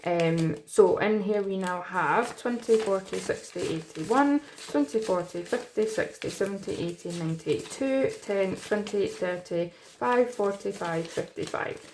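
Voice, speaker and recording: A woman's voice: medium pitch, measured pace, few pauses, a little mellow, slight background noise. A tired woman from the UK chatting casually to camera about her budget, rambling with lots of fillers. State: tired, yawning. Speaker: budgeting vlogger.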